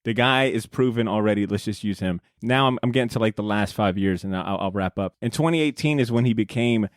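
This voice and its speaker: A man's voice: on the low side, fairly quick, no room sound, clean studio sound. A young man hosting a comic book podcast, talking casually with profanity, many fillers and frequent laughter. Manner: rambling, profane, laughs often. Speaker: podcast host. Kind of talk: casual chat. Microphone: studio podcast mic.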